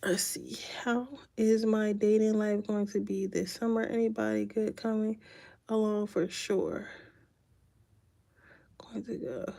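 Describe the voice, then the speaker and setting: A woman's voice: medium pitch, creaky, fairly bright tone, slightly rough. Chatty, slangy woman reading tarot. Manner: chatty, slangy, laughs often. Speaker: tarot card reader. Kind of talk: casual live-stream reading.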